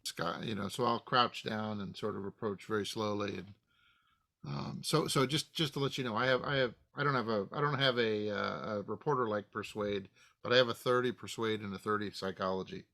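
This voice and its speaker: A man's voice: on the low side, a little fast, creaky, bright, forceful tone. A man playing a tabletop game, speaking hesitantly and earnestly, often repeating words. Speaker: player.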